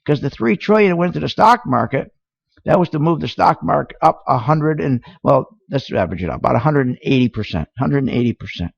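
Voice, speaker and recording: A man's voice: medium pitch, expressive, fairly quick, creaky, slightly rough, dry recording. A man hosting a radio talk show, ranting indignantly with rhetorical questions, heard through a dull lo-fi radio sound. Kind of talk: opinionated radio talk on markets.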